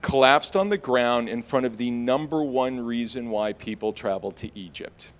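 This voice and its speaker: A young man relates his own experience to a live audience at a moderate pace. He sounds casual and animated, uses plenty of fillers, and jumps suddenly higher when he voices his own panic.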